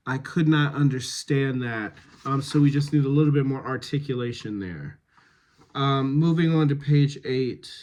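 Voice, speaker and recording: A man working as a dialect coach, reading rehearsal notes to a cast in a slow, measured way with frequent pauses. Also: mid-range voice, darkish tone.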